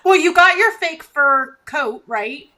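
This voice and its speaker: A woman's voice: high-pitched, animated, bright, forceful tone. A woman co-hosting a casual chat podcast, teasing and laughing often as she talks. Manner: giggly, teasing, slow-talking. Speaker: podcast co-host.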